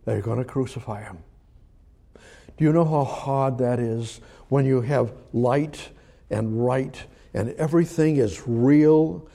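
A man preaching a sermon in a conversational way, asking the listeners questions and chuckling now and then, moving between emphatic lines and hushed ones. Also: mid-range voice, slow pace, vocal fry.

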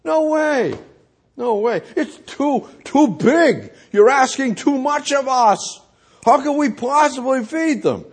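A man's voice: very high voice, expressive, slow, slightly rough, voice pushed up, full character voice. A man voicing a fretful male disciple who feels overwhelmed and keeps repeating that the task is impossible. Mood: exasperated. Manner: exasperated, repeating himself.

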